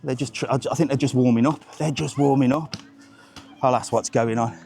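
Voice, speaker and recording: A man's voice: mid-range voice, fairly even intonation, brisk, gravelly, a little mellow, a little hiss or hum. A man hosting a live travel vlog as he walks outdoors in the rain, talking bluntly and swearing as he chats with his viewers. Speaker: travel vlogger host. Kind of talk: live-streamed walking vlog. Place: outdoors on a seaside promenade in rain.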